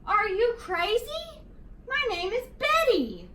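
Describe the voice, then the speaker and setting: A woman voicing an indignant female monster who takes offense quickly, outraged and huffy. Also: sits high, animated, fairly bright tone, slight background noise. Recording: echoey room, distant mic.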